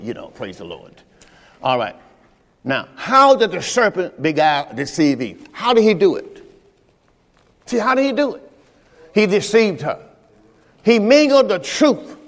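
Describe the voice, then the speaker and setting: A male pastor a Sunday sermon, speaking conversationally to his congregation and telling personal stories. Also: high-pitched. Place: church sanctuary during Sunday service. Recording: reverberant church hall.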